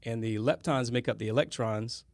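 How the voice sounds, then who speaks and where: A man's voice: mid-range voice, moderate pace, vocal fry. A man speaking as a podcast guest in a casual chat, rambling and often stopping to correct himself. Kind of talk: casual conversation.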